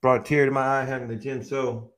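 A man hosting a podcast in casual chat, relaxed and profane, often restarting his sentences. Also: mid-range voice, brisk. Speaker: podcast host.

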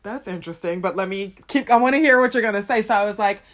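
A woman co-hosting a casual chat, telling a story with lots of animated retelling and laughter. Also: mid-range voice, fast talker. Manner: animated storyteller, acts out phone calls, laughs often. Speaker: podcast co-host.

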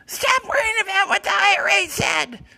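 A man's voice: very high voice, lively intonation, moderate pace, creaky, sharp tone, pitched above the performer's own voice, exaggerated voice. A man voicing a shrieking male cat mad scientist who meows between lines. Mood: shrill. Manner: shrieking, meowing.

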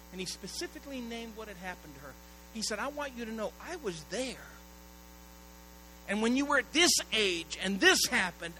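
A middle-aged man preaches a sermon in a notably high, bright, forceful voice. He drops to hushed storytelling, then rises into loud, urgent appeals to his listeners. A faint electrical hum sits under the recording. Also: poor audio. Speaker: pastor.

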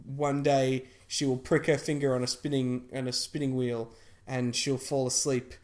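A man's voice: medium pitch, level tone, moderate pace, a little mellow. A man chatting casually about film trailers, rambling with lots of fillers and restarts.

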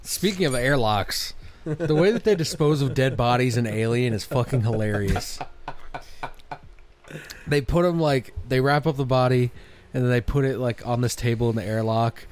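Guy co-hosting a podcast, chill, jumps in with quick comments. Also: medium pitch, background noise. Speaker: podcast co-host. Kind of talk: casual chat about games and movies.

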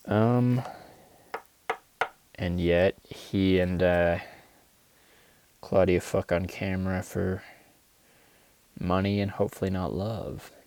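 A man with a deep, gravelly voice talks slowly through an emotional, halting monologue from his car, now and then reading his own poems. The sound is close and dry, with no room echo. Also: fairly even intonation, darkish tone. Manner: agitated, emotional, halting with fillers. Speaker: podcast host reading his own poetry. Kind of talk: rambling confessional monologue. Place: inside a car.

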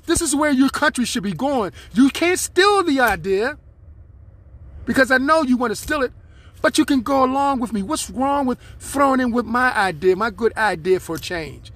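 A man's voice: very high voice, animated, normal speed, fairly bright tone, dry recording. A man hosting his own podcast, speaking, in a rambling, aggrieved monologue aimed straight at his listeners. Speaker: podcast host.

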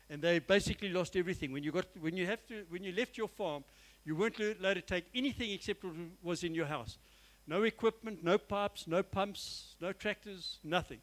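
A man preaches to his church, his voice sitting notably high for a man. He sounds earnest and emphatic, leaning into repeated phrases and addressing the congregation directly. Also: fairly bright tone, rough recording. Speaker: pastor. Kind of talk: sermon.

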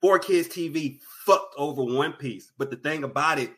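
A man's voice: a little high, moderate pace. A man guest on a podcast, an anime blogger from Texas, talking with enthusiasm in casual chat. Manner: enthusiastic, animated, fond of doing voices.

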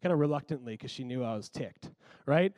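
A man preaching a sermon, telling a childhood story in an animated, conversational way with lots of "like.". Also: mid-range voice, a little fast, dry recording.

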